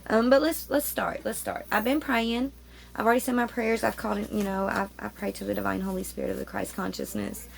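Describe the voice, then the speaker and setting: A woman chats her way into a tarot reading from a room at home, rambling and interrupting herself as she goes. Her voice carries a heavy gravelly fry. A faint hiss of room noise sits under her talk. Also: mid-range voice, fairly even intonation, quick pace. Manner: rambling, chatty, self-interrupting. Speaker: tarot reader. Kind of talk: casual spiritual chat to camera. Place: home room with roommates nearby.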